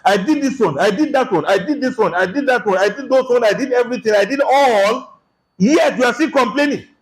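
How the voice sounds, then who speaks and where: A preacher acting out an indignant, ranting husband. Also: male voice, very high-pitched, expressive, fairly quick, voice pushed up. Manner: loud, indignant, listing his deeds. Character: ungrateful angry husband scolding his wife.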